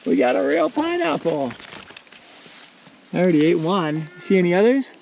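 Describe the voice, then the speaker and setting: Gravelly-voiced man walking a farm, easygoing, pointing out crops, with insects buzzing loudly behind him outdoors. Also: high voice, normal speed. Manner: relaxed, points out plants as he walks. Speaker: farm owner giving a tour. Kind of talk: casual walking tour. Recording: outdoor noise with insects and crickets.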